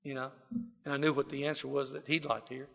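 A man's voice: mid-range voice, flat delivery, quick pace, creaky, fairly bright tone. A middle-aged man from South Texas with a Texas drawl, telling a folksy, self-deprecating personal story to a live audience. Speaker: speaker sharing his recovery story. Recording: long hall reverb.

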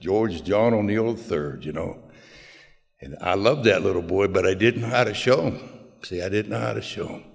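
An older man telling his own story in a folksy, plain-spoken way with self-mocking humor. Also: on the low side. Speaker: speaker sharing his story. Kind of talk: personal storytelling talk. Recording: long hall reverb.

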